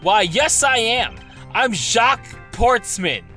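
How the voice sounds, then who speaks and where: Brief: a man playing a high, loud, hot-headed game prosecutor, all drama. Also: animated, soft background music, full character voice. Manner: dramatic, shouting, drawn-out. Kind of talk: game dialogue read aloud.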